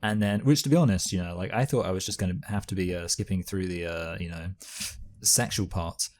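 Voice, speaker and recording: A man with a very low, deep voice talks over a film in loose, casual chat. He rambles and circles back, and his sentences are full of fillers and restarts. He sounds like a co-host riffing on a review show. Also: fairly quick, darkish tone.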